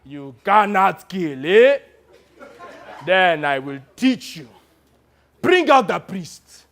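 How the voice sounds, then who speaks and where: Man playing a cruel rebel warlord, slow mocking drawl, loud gloating bursts, high-set voice, one-man stage story. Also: big pitch swings, full character voice. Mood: menacing, gloating. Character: menacing laughing rebel warlord, adult man.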